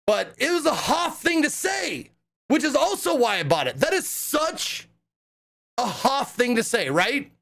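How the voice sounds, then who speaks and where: A man's voice: very high-pitched, a little slow, vocal fry. A young man casually telling stories to a live chat, rambling and swearing with lots of fillers. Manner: excitable, profane, rambling with many fillers. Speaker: live streamer.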